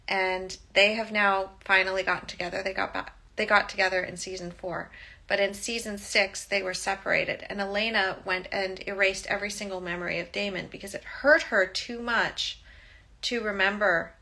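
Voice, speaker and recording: Gravelly, bright-voiced woman vlogging. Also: medium pitch, steady tone, moderate pace. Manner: emotional, heartfelt retelling with frequent "like". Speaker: childbirth educator and coach. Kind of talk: personal vlog monologue.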